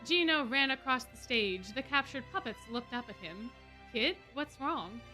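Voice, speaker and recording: A woman streamer reading fan fiction aloud in an expressive way. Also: on the high side, normal speed, soft background music. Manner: expressive, laughing asides.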